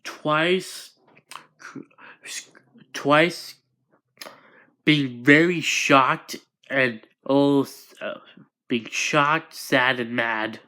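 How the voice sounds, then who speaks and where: A man's voice: mid-range voice, extremely slow, pauses often, sharp tone. A man improvising a fan story as narrator, hesitant and often restarting his sentences.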